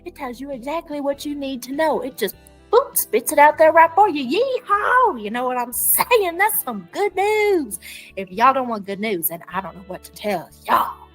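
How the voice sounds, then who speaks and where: A woman's voice: high voice, expressive, normal speed, low-quality recording. A woman giving a comedic promotional monologue in a playful, folksy cowboy persona full of slang. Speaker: clinic business promoter. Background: faint music.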